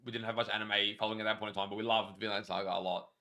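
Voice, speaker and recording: A man's voice: fairly low pitch, little pitch movement, rapid-fire, pushed and bright. A young man co-hosting a live stream, chatting casually, joking and reading out comments. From Australia. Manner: joking, banters and reads out chat.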